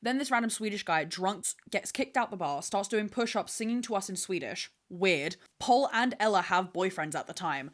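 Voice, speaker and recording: A young woman talks straight into the camera as a podcast host. She spins a rambling, dramatic story full of swearing, and her pitch sits in an ordinary middle range for a woman. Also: animated, normal speed, hardly any pauses. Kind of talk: casual storytelling monologue. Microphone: camera with mic, talking to camera.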